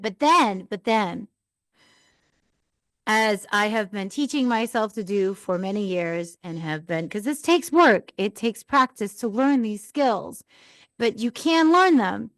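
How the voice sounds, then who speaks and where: A woman's voice: mid-range voice, lively intonation, measured pace, no room sound. A woman hosting a live podcast, telling an earnest, rambling personal story as a mom. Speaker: podcast host.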